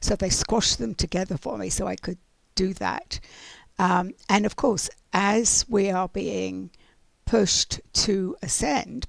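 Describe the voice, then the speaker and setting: Gravelly-voiced woman rambling through a story. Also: mid-range voice, steady tone, takes it slowly, no room sound. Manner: rambling, many fillers and restarts. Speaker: oracle card reader. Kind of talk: casual spiritual storytelling.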